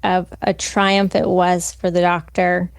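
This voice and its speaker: A woman talking casually on a book podcast, her voice carrying a noticeable vocal fry. The sound is dry and close, without room echo. She slows down and reads carefully when quoting passages. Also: on the low side, level tone. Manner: reads quotes from the book slowly and deliberately. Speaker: podcast co-host. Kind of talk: casual book discussion with read-aloud passages.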